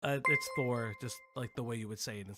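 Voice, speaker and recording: A man's voice: medium pitch, fairly quick, over loud music. A man hosting a commentary stream, talking sarcastically and joking about the clips he plays. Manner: sarcastic, jokes and laughs at the clips. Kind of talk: mocking commentary.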